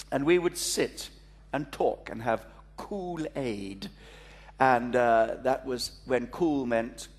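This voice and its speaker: A man, a pastor, preaching a sermon to a congregation, telling a story with playful asides. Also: medium pitch. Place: church before a congregation.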